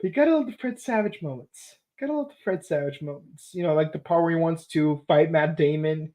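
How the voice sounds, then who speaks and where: A young woman hosts a podcast and reviews an episode in a casual, animated way, laughing often and acting out quoted lines from the show. Her voice is low-pitched and she talks a little fast.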